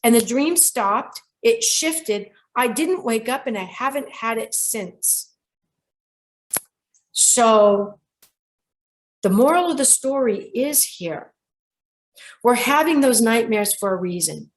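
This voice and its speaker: Animated woman host telling a dream story. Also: on the high side, slow, long pauses. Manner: animated storyteller who quotes people directly. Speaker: radio show host and dream interpreter. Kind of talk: storytelling monologue.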